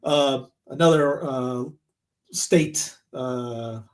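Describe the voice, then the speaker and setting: A man co-hosting a podcast in casual chat, animated and quick to mock people with put-on voices. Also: mid-range voice. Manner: animated, mocking voices in quotes. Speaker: podcast co-host.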